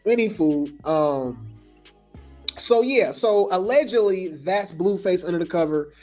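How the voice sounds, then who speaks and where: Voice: mid-range voice, expressive, measured pace, a little mellow, faint music behind. A gossip news host talking loosely in slang, full of fillers and restarts. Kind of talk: casual gossip commentary.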